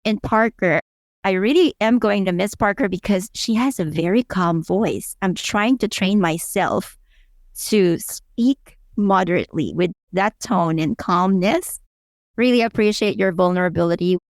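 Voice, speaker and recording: A woman's voice: medium pitch, lively intonation, unhurried, no room sound, clean studio sound. A woman co-hosting a podcast, talking earnestly and thanking her colleagues with a laugh. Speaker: podcast co-host. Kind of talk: casual podcast chat.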